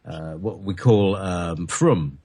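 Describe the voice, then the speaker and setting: A man's voice: low voice, takes it slowly, dark tone, slightly rough, no echo, studio quality. A man from Britain, a guest on a radio talk show, speaking hesitantly with many fillers.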